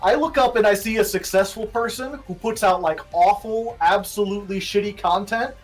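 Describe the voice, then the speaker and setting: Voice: mid-range voice, moderate pace, faint music behind. A streamer being interviewed in casual chat, laid-back and joking, cursing freely. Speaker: streamer guest.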